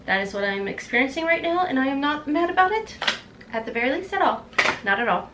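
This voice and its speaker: A woman, gushing through an unboxing vlog, chatty, excitable and overtired. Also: high-pitched, quick pace, noisy background. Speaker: beauty vlogger.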